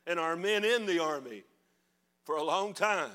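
An older man preaching with fire in a high, ringing voice. His delivery is bright and forceful, swinging from low, muttered asides to loud, shouted declarations. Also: expressive, moderate pace, clean tone. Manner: fiery, preaching with rising shouts. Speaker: pastor. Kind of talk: sermon.

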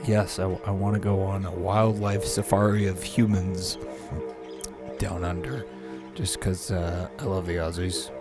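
A man's voice: deep voice, fairly even intonation, a little slow, loud music behind the voice. A man hosting a casual solo podcast, rambling, laughing often and swearing casually. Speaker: podcast host, aspiring voice actor.

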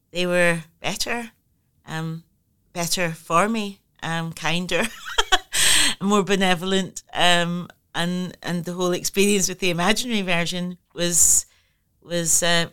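A woman's voice: lowish voice, sharp tone, clean tone. A middle-aged woman, a writer being interviewed, speaking thoughtfully and candidly with frequent laughs and restarts. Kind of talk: reflective conversational interview.

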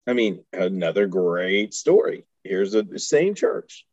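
A man's voice: low voice, sing-song, a little slow, darkish tone, dry recording, muffled recording. A man from Houston telling stories in casual chat as a podcast guest, laughing often and acting out the voices of people he quotes. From Houston, Texas. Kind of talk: casual storytelling.

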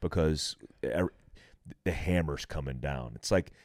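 Deep-voiced man telling blunt stories. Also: measured pace, no echo, studio quality. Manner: animated, profane storytelling. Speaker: guest, military veteran. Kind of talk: casual podcast conversation.

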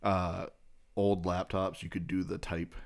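Crude, deep-voiced young man telling stories. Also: a little slow, gravelly. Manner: crude, animated anecdote telling with laughs. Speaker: podcast co-host. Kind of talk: casual chat, storytelling.

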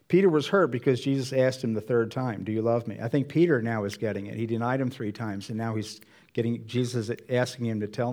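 A man's voice: medium pitch, normal speed, darkish tone. Man preaching a conversational sermon. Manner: conversational preaching, acts out Bible dialogue in voices. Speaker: pastor.

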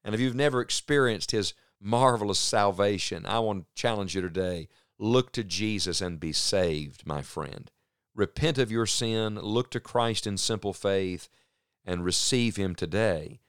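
Earnest radio preacher, smooth low voice. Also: male voice, dry recording, studio quality. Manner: earnest, emphatic, slows down on key phrases. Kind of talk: radio sermon.

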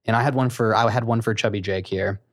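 A man's voice: lowish voice, steady tone, quick pace, dry recording, studio quality. A man hosting a casual podcast, joking and playful as he talks. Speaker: podcast host. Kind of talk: casual chat.

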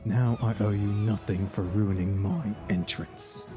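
A man as a half-elf pirate captain, bossy, dismissive, slow-paced. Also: on the low side, steady tone, warm tone, soft background music, close to an everyday voice. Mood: scornful.

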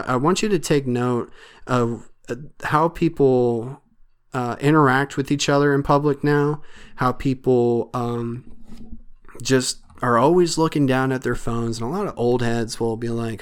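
A man's voice: medium pitch, measured pace. A man hosting a solo podcast, talking in an earnest, rambling way with many fillers. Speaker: podcast host.

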